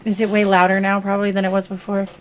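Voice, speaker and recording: A woman running a tabletop game as game master, narrating with quick, apologetic asides. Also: medium pitch, monotone.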